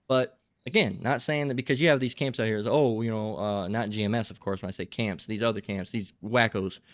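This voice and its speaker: A man's voice: lowish voice, fairly even intonation, brisk, dry recording, studio quality. A man giving a rambling religious lecture, tagging his points with "okay?" and "all right?". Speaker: religious teacher.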